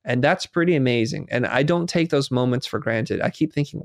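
A man's voice: mid-range voice, brisk, hardly any pauses, dry recording, clean studio sound. A man being interviewed who talks earnestly, telling stories and quoting himself and others as he reflects. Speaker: guest.

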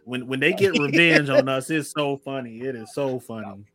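A man with a plain mid-range voice co-hosts a casual podcast. He jokes around in a relaxed, easygoing way. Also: medium pitch, moderate pace, a crowd in the background. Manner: laid-back, joking. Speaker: podcast co-host. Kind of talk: casual chat.

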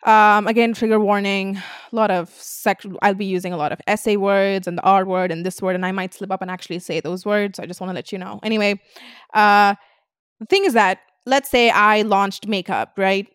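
A woman's voice: mid-range voice, fairly even intonation, a little fast, fairly bright tone, clean tone, no room sound, studio quality. A young woman hosting a podcast, ranting bluntly and swearing a lot in casual chat. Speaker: podcast host.

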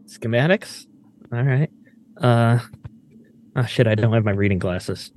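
A man's voice: mid-range voice, a little slow, darkish tone, a little hiss or hum. A man playing a tabletop game, bantering in character with joking asides. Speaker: player.

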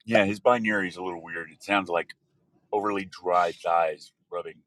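A man hosting a loose, joking chat show, rambling and now and then bursting into loud put-on voices. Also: low voice, steady tone, moderate pace, slight background noise, poor audio. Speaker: podcast host. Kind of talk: rambling casual chat with listeners.

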